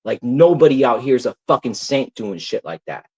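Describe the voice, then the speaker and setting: Husky man ranting, lots of "like". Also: mid-range voice, sing-song, a little fast, darkish tone, poor audio. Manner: ranting, heavy filler "like", swearing. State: stressed, subdued. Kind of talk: casual livestream rant.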